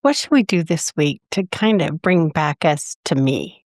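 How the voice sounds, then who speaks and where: A woman's voice: low-pitched, lively intonation, a little slow, dry recording, studio quality. Affirming woman podcast host. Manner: enthusiastic, affirming. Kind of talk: interview hosting.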